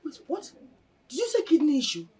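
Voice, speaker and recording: A brash Nigerian mother figure who scolds and teases. Her voice swoops widely and has a mellow tone. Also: sits high, huge pitch swings, brisk, soft background music. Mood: scolding. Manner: loud, teasing, scolding. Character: brash older mother figure, blunt and dismissive. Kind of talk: film drama dialogue.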